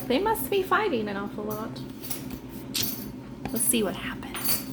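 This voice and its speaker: A woman's voice: a little high, gravelly, heavy background noise. A woman reading a children's book aloud, adding chatty asides between passages. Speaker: storybook reader.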